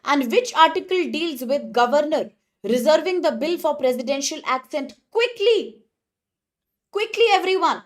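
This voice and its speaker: A woman giving a live online exam-prep lecture, brisk and encouraging as she praises students by name. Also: high voice.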